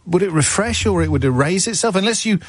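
A man's voice: high voice, expressive, fast talker, dry recording, clean studio sound. A middle-aged man hosting a radio phone-in show, telling stories in a wry, rambling way and correcting himself as he goes. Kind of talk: chatty on-air monologue. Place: radio studio.

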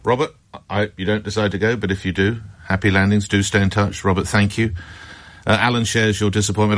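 Man, radio phone-in host, very low voice, quick delivery, brisk questions. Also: little pitch movement. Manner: brisk, probing, sympathetic. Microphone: studio microphone.

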